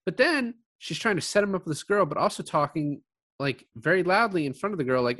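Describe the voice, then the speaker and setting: A man's voice: a little high, animated, brisk, fairly bright tone, dry recording, studio quality. A man co-hosting a casual film chat, retelling scenes with lots of laughter and fillers. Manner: chatty, laughs often, retells scenes with quoted lines. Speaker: podcast co-host.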